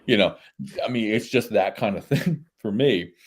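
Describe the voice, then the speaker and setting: A man guest in a casual interview, telling lively anecdotes and laughing often. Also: fairly low pitch, normal speed. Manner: animated storyteller, laughs often.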